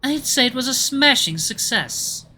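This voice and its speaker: A man's voice: expressive, a little slow, pushed and bright, a little hiss or hum, full character voice. A man voicing a prim young female fox student with a put-on British accent, reading a visual novel aloud. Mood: cheerful. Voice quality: attempted put-on British accent, high and light.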